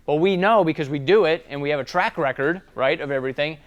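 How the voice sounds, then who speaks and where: Speaking quickly in a slightly high voice over lo-fi sound, a man leads a casual sales training talk. His delivery is story-driven and conversational, peppered with tag questions.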